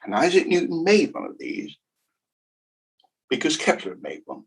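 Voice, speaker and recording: A man giving a humorous keynote lecture on the history of maths, jokey and animated, repeating words for emphasis. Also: a little high, normal speed, gravelly, husky, low-quality recording. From United Kingdom. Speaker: keynote speaker.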